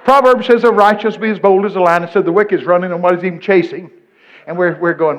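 A man, preaching a storytelling sermon. He jumps into high shouting voices for the people he quotes. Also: expressive, fast talker, highs cut off.

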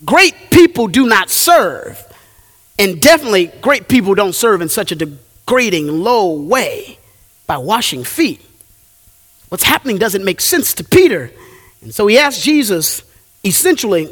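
A male pastor preaching a sermon, with animated delivery and drawn-out emphatic phrases. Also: sits high, in a large hall.

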